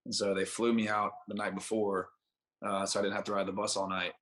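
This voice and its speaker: Talking a little fast in a lowish, fairly bright voice with little pitch movement, a twenty-something baseball pitcher tells a casual story as a podcast guest. His rambling anecdote is stuffed with fillers and acted-out conversations.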